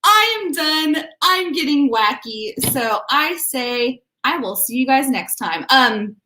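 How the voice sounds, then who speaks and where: Bubbly high-voiced woman. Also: animated, slow, bright, forceful tone. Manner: bubbly, chatty, reads out viewer comments. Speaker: writing channel host. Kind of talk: casual livestream chat. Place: home room. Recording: echoey room.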